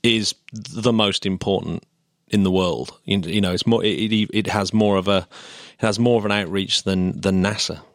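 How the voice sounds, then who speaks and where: A man with a lowish voice co-hosts a casual podcast, chatty and eager, laughing as he explains things. The sound is dry and close, with little room echo. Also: steady tone, moderate pace. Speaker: podcast co-host.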